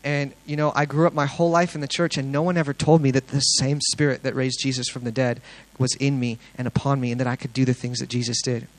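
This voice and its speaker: A young man sharing a testimony with a congregation, telling his story earnestly and excitedly, with plenty of fillers and restarts. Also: medium pitch, quick pace, hardly any pauses, no room sound, rough recording.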